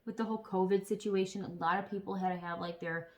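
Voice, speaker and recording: A woman chatting casually to camera as a vlogger, telling stories in an animated way with some swearing. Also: mid-range voice, fast.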